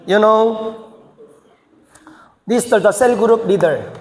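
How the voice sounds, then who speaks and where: A man's voice: high-pitched, slow pace, slight background noise. A man, a senior pastor, teaching church leaders in choppy, emphatic phrasing that rises into bursts. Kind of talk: teaching seminar sermon. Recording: echoey hall reverb.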